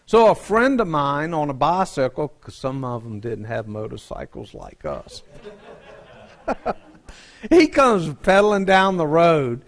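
Brief: a joking pastor telling a folksy story in his sermon, with a slightly high voice. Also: sing-song, unhurried.

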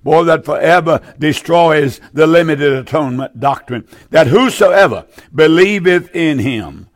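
A man's voice: a little high, animated, unhurried. An older man preaching a sermon, fervent and repetitive, dwelling on each verse. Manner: fervent, repeats key phrases, draws out verses.

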